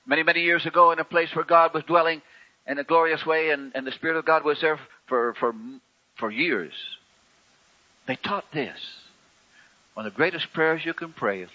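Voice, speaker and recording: A man preaching a sermon in a folksy, conversational way, with wry humor and sharp swings between loud and soft. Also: a little high, normal speed, lo-fi sound.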